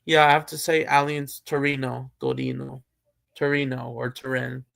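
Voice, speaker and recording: A man's voice: medium pitch, flat delivery, normal speed, vocal fry, a bit bright. A man hosting a live stream, chatting casually about football and thinking aloud with many fillers and restarts. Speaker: streamer host.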